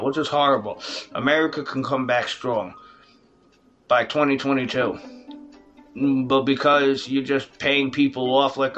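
A man's voice: medium pitch, steady tone, normal speed, fairly bright tone, lo-fi sound, faint music behind. A man giving a heated, profane casual political rant, speaking straight to his audience as folks. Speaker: vlogger.

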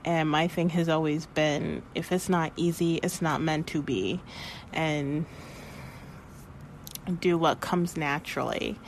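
Slow-talking candid woman podcaster. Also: sits low, a little hiss or hum. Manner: candid, rambling, swears freely; emotional, near tears. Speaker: podcast host. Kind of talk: casual spiritual podcast monologue.

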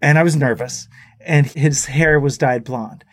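A man's voice: medium pitch, a little slow, dry recording, clean studio sound. A middle-aged man, a musician guest, telling anecdotes in casual chat and often laughing as he talks. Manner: animated storyteller who laughs often.

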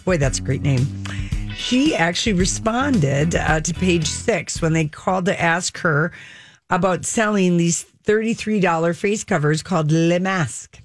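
A woman co-hosting a talk radio show, chatty and animated, often talking over her co-hosts. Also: lowish voice, unhurried, no echo, faint music behind. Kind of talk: casual chat.

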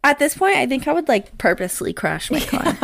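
A woman's voice: high voice, very animated, fairly quick, gravelly, a bit bright. A woman co-hosting a casual podcast, reacting with dramatic protests and crude jokes. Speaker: podcast co-host. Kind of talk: casual chat.

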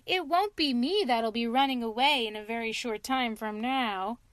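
A woman voicing a cheerful little male mole in a storybook reading, telling his tale in a lively, chatty way. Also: on the high side, moderate pace, no echo, close to an everyday voice. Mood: gleeful.

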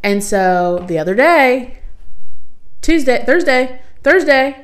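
A woman's voice: high-pitched, lively intonation, slow pace. A young adult woman co-hosting a podcast, ranting in casual chat, swearing a lot and laughing often. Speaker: podcast co-host.

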